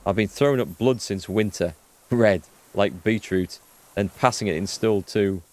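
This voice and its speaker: A man voicing a frail, sick old male deserter who talks in a grim, slow, flat way. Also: fairly low pitch, close to an everyday voice.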